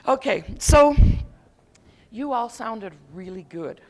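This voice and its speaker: At a conference session, a woman instructor guides a live group through laughter yoga. Her medium-pitched voice is expressive and playful, and she laughs readily while chanting and calling out to the participants.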